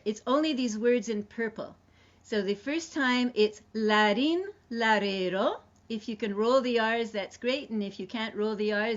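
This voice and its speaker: Chatty woman leading a sing-along. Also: mid-range voice. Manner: chatty, explains then sings refrain syllables. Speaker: song leader. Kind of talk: online singing lesson. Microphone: computer mic on video call. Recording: dull lo-fi video call audio.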